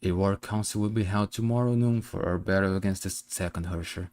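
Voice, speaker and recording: A man voicing a dignified female Valkyrie commander, speaking slowly, solemnly and formally. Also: sits low, fairly even intonation, a little mellow, no room sound, voice pushed down, close to an everyday voice. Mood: stern.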